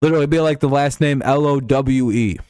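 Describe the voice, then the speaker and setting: A man's voice: mid-range voice, quick pace, darkish tone, clear, resonant tone, dry recording. A young man hosts his live stream in an easy, meandering chat, dropping curses as he reads viewers' messages. His voice sits in a middle range. The sound is dry and close, with no room around it.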